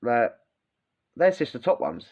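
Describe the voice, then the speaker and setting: A man's voice: medium pitch, unhurried, slightly rough. Bloke ranting on his podcast, blunt and sweary, swings up and down a lot, kinda muffled lo-fi audio. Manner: animated, swearing, blunt and mocking. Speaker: podcast host, former prisoner. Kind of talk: casual ranting monologue. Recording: dull lo-fi sound.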